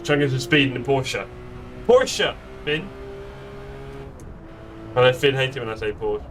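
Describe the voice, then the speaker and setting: A man's voice: medium pitch, expressive, unhurried, fairly bright tone, far from the mic, a little hiss or hum. A man chatting playfully with friends while live-streaming a sim racing game. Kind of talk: live gameplay chat. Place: home sim racing setup.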